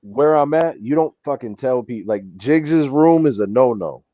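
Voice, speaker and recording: A man's voice: mid-range voice, animated, normal speed, no echo, dull audio. A man from Springfield, Massachusetts with a Western Massachusetts accent, chatting as a co-host, rambling and swearing with lots of "like". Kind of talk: casual chat.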